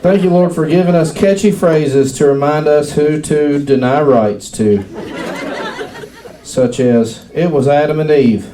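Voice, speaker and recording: A man's voice: a little high, unhurried, a crowd in the background. A man doing a stand-up comedy set, shifting into a mock-preacher and mock-redneck delivery. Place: comedy club stage before a laughing crowd. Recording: distant mic in a noisy crowded club.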